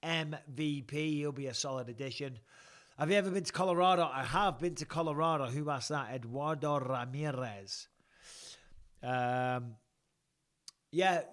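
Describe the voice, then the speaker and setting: A man's voice: a little high, a bit bright. A man in his forties hosting a casual live-stream chat, answering fan questions bluntly, swearing freely and rambling.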